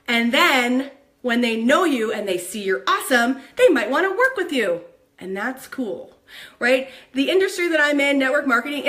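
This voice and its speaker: A high, bright-voiced woman talks straight to the camera in an upbeat motivational vlog. She is bubbly and excitable, coaching her viewers as someone who works in online network marketing.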